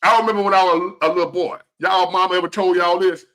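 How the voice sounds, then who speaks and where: A man's voice: high-pitched, fairly even intonation, quick pace, sharp tone. A man in his fifties giving a blunt, profane, preachy motivational rant to the camera. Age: 50s. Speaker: vlogger.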